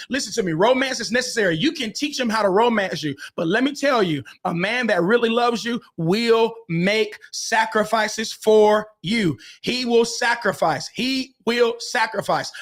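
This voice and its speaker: On his podcast, a man whose voice sits high and sounds a bit bright hands out relationship advice. He preaches it emphatically, repeating phrases and calling out to those listening.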